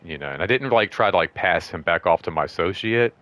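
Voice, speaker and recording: A man hosting his own show, telling a story in a loose, rambling way, full of fillers, and acting out quoted lines in a higher voice. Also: expressive, fast, a bit bright, dry recording. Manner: rambling, full of "like" and "you know"; acts out quoted speech in raised voice. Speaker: show host. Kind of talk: casual storytelling vlog.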